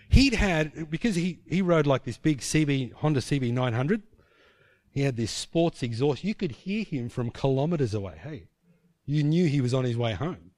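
A man's voice: medium pitch, animated, moderate pace, darkish tone, no room sound. A man preaching a sermon, telling a personal story in vivid scenes, often restarting his sentences.

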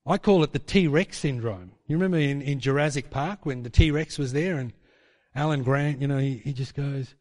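A man preaching a sermon in a church hall, animated and mocking as he acts out quotes in put-on voices. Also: a little high, moderate pace. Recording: long hall reverb.

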